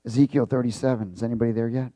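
A man's voice: mid-range voice, steady tone, racing, mellow, dry recording. A male preacher reading scripture aloud in a sermon, stopping often to quiz the congregation and repeating key words with emphasis. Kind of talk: sermon with call-and-response.

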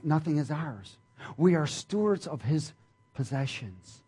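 A man's voice: a little high, sing-song, measured pace, dark tone, slightly rough. A male pastor preaching a sermon, emphatic and folksy, calling out to the congregation for responses. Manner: folksy and playful.

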